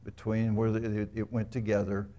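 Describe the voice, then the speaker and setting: A man's voice: fairly low pitch, completely flat delivery, moderate pace, warm tone. A man preaching a sermon in a conversational, storytelling way, asking the congregation rhetorical questions. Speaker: pastor.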